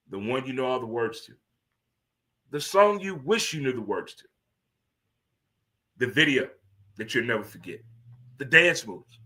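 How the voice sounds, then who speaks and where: Man in his fifties, host, bright forceful delivery, voice sits a bit high. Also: a little fast. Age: 50s. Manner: animated, preachy, swearing, laughing asides. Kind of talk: casual radio-style monologue.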